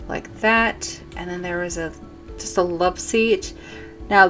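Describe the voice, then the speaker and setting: A woman giving casual commentary while building in a life-sim game, rambling and correcting herself as she thinks aloud. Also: lowish voice. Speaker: gaming video creator.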